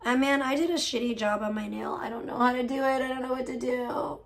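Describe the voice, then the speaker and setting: Woman, livestreamer, higher-pitched, profane, gossipy, ranting casually. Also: fairly even intonation, quick pace, creaky. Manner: profane, gossipy, venting about other streamers.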